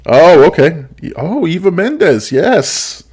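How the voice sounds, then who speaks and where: A man's voice: a little high, sing-song, slow, vocal fry, darkish tone, husky. Brief: male host, casual and giggly, reading chat on a live stream. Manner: laughs often while reading chat comments aloud. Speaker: show host.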